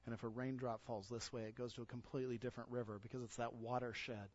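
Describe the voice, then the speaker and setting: A man pastor preaching a sermon to his church in an earnest voice that rises to loud exhortation. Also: medium pitch. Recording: dull lo-fi sound.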